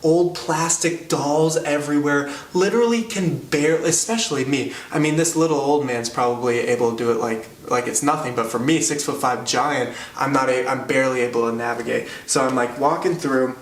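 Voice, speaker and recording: A man's voice: medium pitch, brisk, few pauses. A man telling a stand-up story in a rambling, self-deprecating way, full of fillers, recorded from a distance in a roomy space. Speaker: comedian, storyteller. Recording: roomy, distant mic, faint hum.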